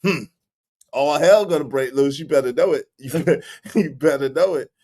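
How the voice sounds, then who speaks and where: A man's voice: fairly high pitch, moderate pace, darkish tone. A man hosting a live stream, reading out donations and teasing his chat, laughing often and repeating phrases.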